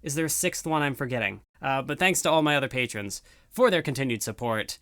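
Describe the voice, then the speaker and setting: A man's voice: mid-range voice, animated, a little fast, fairly bright tone, dry recording, clean studio sound. A young man rambling casually through a video outro at home, self-deprecating and full of fillers. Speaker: YouTuber. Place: room at home.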